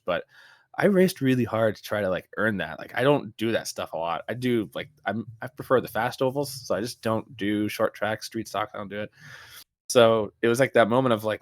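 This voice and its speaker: A man co-hosting a podcast in casual chat, telling stories in an animated way with lots of restarts and fillers. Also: lowish voice, fairly quick, no echo, clean studio sound. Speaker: podcast co-host.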